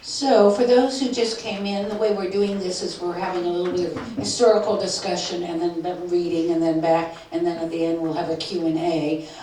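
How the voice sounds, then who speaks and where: A woman's voice: lowish voice, fairly even intonation, a little fast, hardly any pauses, dark tone. A woman moderating a book lecture, explaining the format and posing questions. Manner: organized, explanatory. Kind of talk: event moderation. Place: lecture hall. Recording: echoey hall, mic from far off, faint noise.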